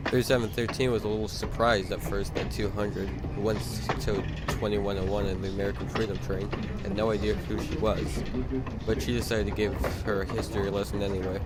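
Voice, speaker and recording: A man's voice: on the low side, flat delivery, moderate pace, over loud music. A man narrating an amateur story in a plain, casual storytelling manner.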